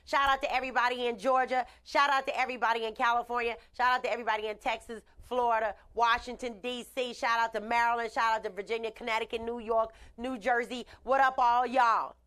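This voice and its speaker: A woman's voice: a little high, little pitch movement, fast, hardly any pauses. Chatty woman hosting a live stream. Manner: chatty, gives shout-outs, blunt opinions. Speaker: host. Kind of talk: casual live-stream talk.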